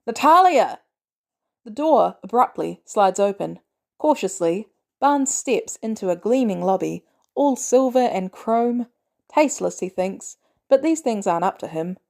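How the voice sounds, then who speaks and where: A woman narrates a story aloud in a measured, even way. Her voice is mellow and warm, sitting at a middle pitch. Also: gravelly. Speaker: podfic reader.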